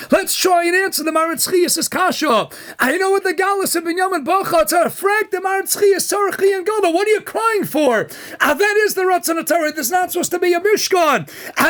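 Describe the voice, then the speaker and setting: A man, a rabbi, giving a Torah lecture in an impassioned style, often raising his voice to a shout and acting out quoted voices. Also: extremely high pitch.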